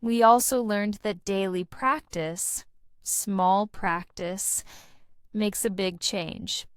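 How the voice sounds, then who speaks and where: A woman giving a scripted English lesson, speaking in a slow, deliberate teaching manner. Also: mid-range voice, smooth, dry recording, studio quality. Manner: slow, deliberate teaching delivery with lively intonation.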